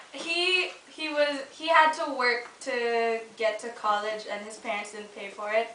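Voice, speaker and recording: A woman's voice: fairly high pitch, bright, forceful tone. A young woman from the Philippines telling a ghost story casually, chatty and giggly, with many "like"s and restarts. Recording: echoey room, mic at a distance, faint noise.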